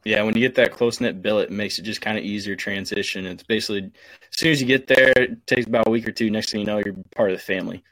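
A man's voice: fairly low pitch, fairly even intonation, quick pace, fairly bright tone, no echo. A man hosting a podcast, asking his guest questions in an easygoing, casual way. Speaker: podcast host.

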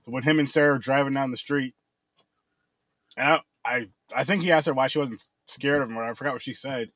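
A man hosts a casual horror movie review chat, loose and profane, laughing easily between points. His voice sits at an ordinary middle pitch. The recording is close and dry, with no room sound. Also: brisk, a bit bright, no echo, low-quality recording.

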